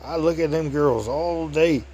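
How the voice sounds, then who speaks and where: A man's voice: fairly high pitch, a little slow, a little mellow, slightly rough, dull audio. A man voicing a tall, older, nearly blind man who is easygoing and talks in a laid-back drawl. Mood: cheerful.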